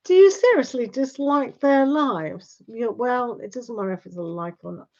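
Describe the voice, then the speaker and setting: Chatty woman host, slightly high voice, rambling casual talk, dull livestream sound. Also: expressive, moderate pace, darkish tone. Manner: chatty, rambling, tag questions. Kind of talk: casual chat with live viewers.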